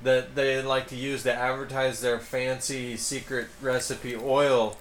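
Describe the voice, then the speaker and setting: A man of middle pitch co-hosting a casual chat. He jokes and chimes in with comic asides, and a faint background noise sits under his voice. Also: little pitch movement, a little slow. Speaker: podcast co-host.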